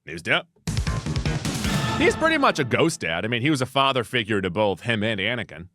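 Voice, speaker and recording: A man's voice: medium pitch, huge pitch swings, a little fast, loud music behind the voice. A man co-hosting a casual movie news podcast, reading items with a wry, joking delivery.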